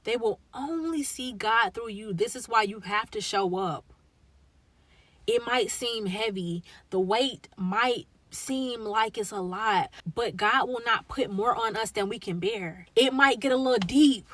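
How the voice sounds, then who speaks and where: A woman's voice: a little high, unhurried, a bit bright, no room sound. A young woman speaking earnestly and emotionally as a faith content creator, encouraging viewers in a casual, heartfelt vlog. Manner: earnest, encouraging, conversational with slang.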